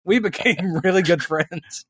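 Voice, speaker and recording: Animated, fairly high-voiced man telling stories. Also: measured pace, slightly rough, dry recording. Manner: animated storyteller, acts out quoted voices. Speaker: podcast co-host. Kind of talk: casual chat.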